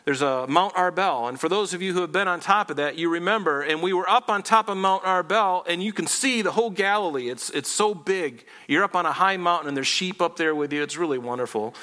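Bright-voiced male pastor preaching. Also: high voice, a little fast, hardly any pauses. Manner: earnest, explanatory, with frequent restarts. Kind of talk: sermon.

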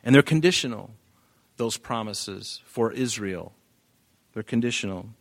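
A man's voice: on the low side, unhurried, gravelly. A man, a pastor preaching an expository sermon, reading scripture aloud and pressing points with emphatic rises and drops in volume.

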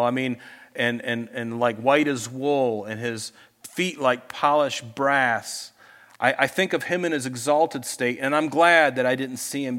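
Male pastor preaching in church, earnest, mid-range voice, dynamic delivery. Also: medium pitch. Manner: earnest, swings between loud urging and soft asides. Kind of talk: sermon. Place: church with congregation.

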